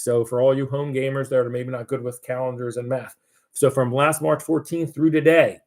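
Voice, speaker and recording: A man's voice: mid-range voice, a little mellow. A man hosting a market show. He talks over charts in a loose, rambling, jokey way and corrects himself as he goes. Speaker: market analyst host.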